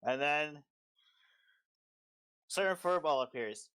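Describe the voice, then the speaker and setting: A man's voice: fairly high pitch, slow, fairly bright tone, smooth, dry recording. A man narrating as game master of a tabletop game, casual and full of fillers.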